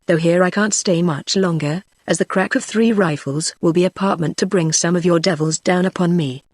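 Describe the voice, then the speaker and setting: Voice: mid-range voice, steady tone, moderate pace, no echo, clean studio sound, natural voice. A text-to-speech voice reading the lines of a young male frontier hunter who speaks in an earnest, rustic backwoods dialect. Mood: reassuring. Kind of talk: synthetic audiobook reading.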